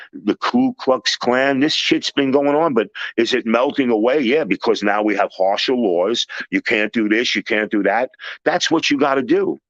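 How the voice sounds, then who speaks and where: A man telling blunt, animated stories in casual talk and acting out the people he quotes. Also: mid-range voice, no room sound. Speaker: storyteller host. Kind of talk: casual storytelling. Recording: dry, dull lo-fi recording.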